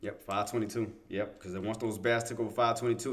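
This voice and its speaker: On a livestream about day trading, a man with a lowish voice speaks at a quick pace, walking viewers through the chart as it happens. He often restarts sentences, repeats himself, talks to himself, and grows insistent in excited bursts.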